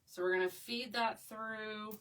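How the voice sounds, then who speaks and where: A woman's voice: medium pitch, fairly even intonation, unhurried, a bit bright, recorded from a distance. A woman teaching a craft live, bubbly and chatty as she talks with her viewers. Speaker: craft instructor. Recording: voice a bit away from the mic.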